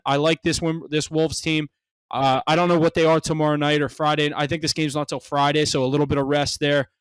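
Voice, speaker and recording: A man co-hosting a sports podcast in casual chat, excitable and swearing freely, with rambling restarts. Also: on the high side, clear, resonant tone, no echo, poor audio. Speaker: podcast co-host.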